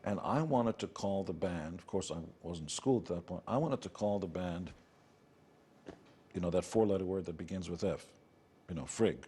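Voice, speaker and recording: Low husky-voiced middle-aged New York man. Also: moderate pace, mellow. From United States. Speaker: interview guest, rock musician. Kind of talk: candid conversational storytelling.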